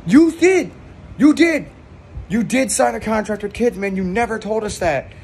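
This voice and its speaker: A man voicing a smug rival drug boss who lectures and mocks with a loud, lecturing voice. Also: sits high, steady tone, brisk, vocal fry, slightly rough, voice pushed up, exaggerated voice. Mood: scolding. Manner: lecturing, mocking.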